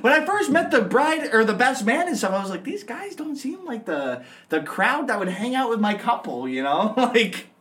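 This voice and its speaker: A man's voice: extremely high pitch, normal speed, few pauses. A young man on a podcast, telling a story in a loose, casual way and acting out the people in it. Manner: animated, acts out voices in his stories. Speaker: podcast co-host and wedding MC.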